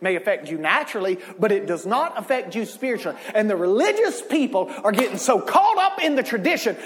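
A male pastor preaching a sermon, joking and conversational, building to shouted emphasis. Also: high-pitched, big pitch swings, brisk, hardly any pauses, long reverb tail.

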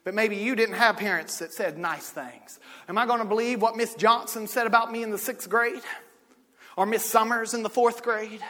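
A male pastor preaching a sermon, swinging between loud shouting and quiet, close talk. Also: high voice, moderate pace. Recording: long reverb of a church hall.

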